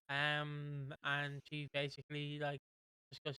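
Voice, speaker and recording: A man co-hosting a podcast, chatting in a quick, amused, sweary way while recapping a soap. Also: fairly high pitch, completely flat delivery, bright, forceful tone, clean tone, no echo, poor audio. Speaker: podcast co-host. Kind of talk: casual chat recapping a soap.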